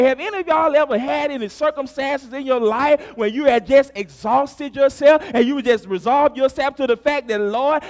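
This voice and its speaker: A pastor preaches in a strikingly high voice. His delivery is rhythmic, swinging between quiet asides and shouted, drawn-out refrains. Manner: rhythmic preaching, rising to shouts on key phrases. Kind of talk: sermon.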